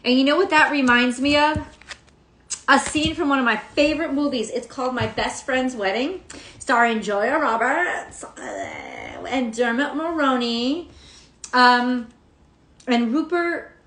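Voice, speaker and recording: A woman with a high voice gives a casual daily tarot reading. She rambles, swears freely and laughs as she goes. The sound is roomy, with a clear echo around her. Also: very animated, a little slow, a bit bright, slight background noise. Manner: rambling, profane, laughs often. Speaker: tarot reader.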